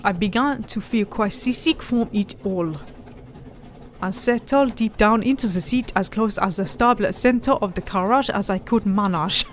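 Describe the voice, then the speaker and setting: A woman's voice: mid-range voice, normal speed, slight background noise. Giggly woman reading a game aloud. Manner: giggly, reads with playful emphasis. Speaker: let's play host reading game text. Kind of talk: casual gameplay chat and reading aloud.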